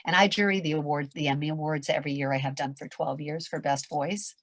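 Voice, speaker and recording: A woman's voice: low-pitched, fairly even intonation, fast. An older woman, a veteran performer, telling a story in a podcast interview, acting out the voices and swearing freely as she goes. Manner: dramatic, acts out voices and shouts in her anecdotes; candid, swears casually.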